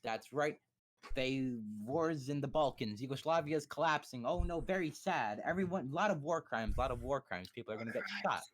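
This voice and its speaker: A young man streaming live, rambling through a casual history lesson with swearing, jokes and quick mock voices. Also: mid-range voice, lively intonation.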